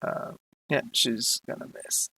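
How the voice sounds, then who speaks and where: A man's voice: takes it slowly, sharp tone, poor audio. A man narrating a tabletop game as game master, hesitant with many fillers as he describes the action.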